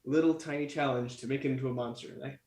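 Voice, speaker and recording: A man's voice: mid-range voice, fairly even intonation, racing, a little mellow, echoey room. A man, a guest artist, chatting casually, laughing often and stopping to restart his sentences. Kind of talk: casual chat.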